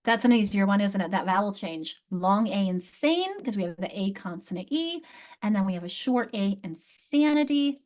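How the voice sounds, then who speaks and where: A woman's voice: medium pitch, lively intonation, a little fast, darkish tone. Middle-aged lady teaching teachers online, emphatic and upbeat, repeats stuff for emphasis, video call mic. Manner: enthusiastic, emphatic, repeats key words. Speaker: literacy instructor leading teacher training. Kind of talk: live online workshop teaching.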